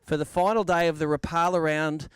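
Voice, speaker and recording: Brief: Australian male MC at a fishing weigh-in, a high and crisp voice, joking and matey, dry close sound. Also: steady tone, brisk, no echo. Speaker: weigh-in host. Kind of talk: live tournament weigh-in banter. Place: outdoor weigh tent at a lake.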